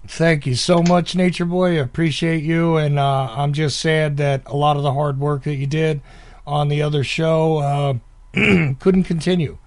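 A man's voice: on the high side, steady tone, a little slow. A man hosting a casual call-in podcast, chatty and laughing often between his fillers. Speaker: podcast host.

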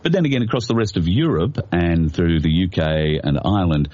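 A man with an Australian accent, a guest in an interview who enunciates clearly and jokes along. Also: low-pitched, sing-song, brisk, warm tone, dry recording, highs cut off. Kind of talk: casual interview chat.

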